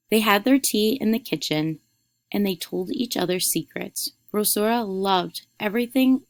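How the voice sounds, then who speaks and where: A woman's voice: medium pitch, a little mellow, dry recording. Dry-sounding woman teacher reading aloud. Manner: clear, instructive. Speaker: eighth grade reading teacher. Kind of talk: reading a story aloud for students.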